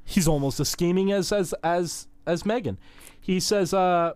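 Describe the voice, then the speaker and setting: A man hosting a podcast, recapping an episode in casual chat and acting out scenes as an animated storyteller. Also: high voice, unhurried, clean tone, no room sound. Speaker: podcast host.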